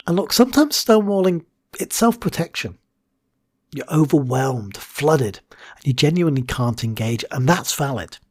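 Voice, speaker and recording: A man with a husky voice delivers a scripted educational talk as a hypnotherapist and coach. His pitch swings widely between punchy highs and low, breathy asides. He lands key words in a hushed whisper for dramatic effect. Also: expressive, moderate pace.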